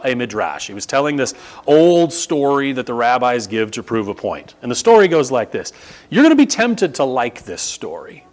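A man preaching an expository sermon, emphatic and conversational, who also teaches a religion class. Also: mid-range voice.

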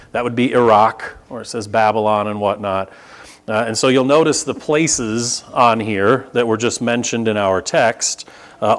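A man's voice: medium pitch, clean tone. A man from the United States preaching a conversational Bible sermon, explaining with casual asides and rising emphasis. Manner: conversational teaching with asides and humor. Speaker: pastor.

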